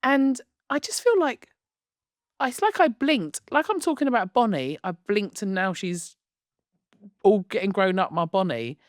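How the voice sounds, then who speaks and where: A woman's voice: medium pitch, a little slow, no echo. Chatty woman, dry close mic. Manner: chatty, gushing, animated storytelling. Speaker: podcast co-host. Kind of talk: casual chat.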